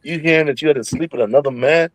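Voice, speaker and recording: A man's voice: fairly high pitch, fast talker, dry recording, poor audio. A man in casual religious talk who makes his points with emphasis and urges the listener on. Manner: emphatic, exhortative.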